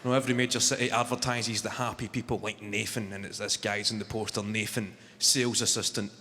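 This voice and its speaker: A man's voice: fairly low pitch, flat delivery, fast. A young Scottish man with a Glasgow accent doing wry stand-up storytelling on stage, slipping into put-on voices. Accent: Glaswegian Scottish. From Scotland. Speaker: stand-up comedian. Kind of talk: stand-up comedy. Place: large live venue. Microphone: stage microphone. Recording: hall reverb, loud crowd noise. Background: audience laughter.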